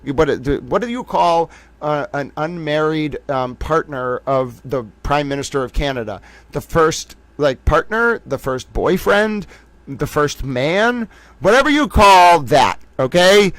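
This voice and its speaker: A man's voice: fairly high pitch, a little slow, no room sound. A man hosting a casual livestream, joking around and talking to chat viewers by name. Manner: animated, jokey, calls himself a little towel. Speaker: livestream host.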